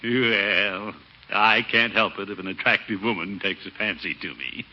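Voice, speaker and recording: An actor playing a pompous, easily flustered middle-aged bachelor in a 1940s radio comedy, blustering and chuckling. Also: male voice, on the low side, unhurried, bright, forceful tone, exaggerated voice. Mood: blustery. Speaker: water commissioner. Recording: dull old radio broadcast with faint hiss.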